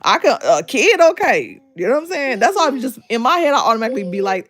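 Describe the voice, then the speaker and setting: A woman's voice: sits high, very animated, fast talker, few pauses, fairly bright tone. A woman, hosting a casual livestream chat, laughing often and talking back animatedly to her viewers. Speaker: livestream host. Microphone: phone.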